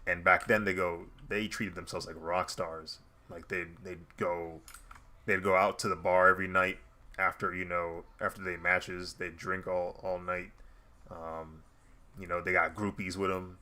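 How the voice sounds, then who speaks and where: A man's voice: deep voice, level tone, a little slow, bright, forceful tone. A man talking casually while he draws, rambling and laughing often. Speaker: artist streaming while drawing. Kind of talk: casual commentary while drawing.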